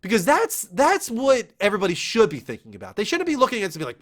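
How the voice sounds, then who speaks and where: A young man hosting a casual entertainment news show, talking in an excitable, animated way with quick asides. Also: sits high. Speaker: show host.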